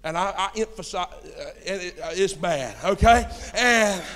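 A man preaching a sermon in a church. He moves between quiet storytelling and loud emphatic peaks, throwing rhetorical questions at the congregation. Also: high voice, normal speed. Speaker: pastor. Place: church sanctuary. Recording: long hall reverb in a church.

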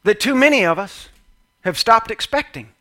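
A man preaching with fervor, his voice pitched high and ringing bright. He rises into loud calls, then drops to quiet asides. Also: lively intonation, moderate pace. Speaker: pastor. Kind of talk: sermon.

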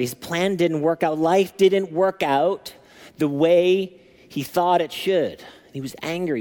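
A lead pastor delivers a sermon with an animated storytelling manner. His voice sits fairly high for a man, and he acts out the scenes he recounts. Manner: animated storytelling, acting out scripture.

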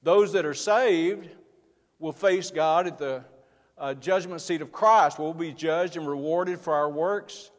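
A man's voice: a little high, measured pace. A man preaching a sermon as pastor, earnest and building in force as he speaks. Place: church sanctuary. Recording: long hall reverb.

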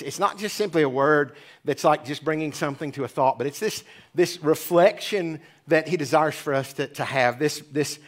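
High-voiced man preaching a sermon. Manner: chatty, joking asides. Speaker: pastor. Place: church sanctuary.

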